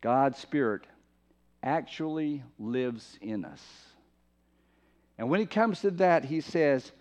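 A male pastor preaching a sermon, slowing down and leaning hard on the words he wants to stress. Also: medium pitch, lively intonation, a little mellow. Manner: emphatic, slows down to stress key words. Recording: dull lo-fi sound.

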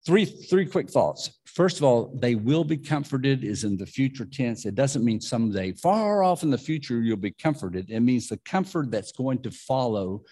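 A man's voice: mid-range voice, sing-song, normal speed, few pauses, mellow, breathy edge. A man preaching a conversational sermon, with asides and frequent restarts. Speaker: pastor.

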